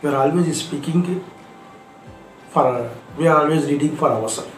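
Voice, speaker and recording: A man teaches a spoken lesson, earnest and fond of repeating his points. His voice sits a little high. He is recorded in an echoey room with faint music underneath. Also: normal speed. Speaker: English teacher.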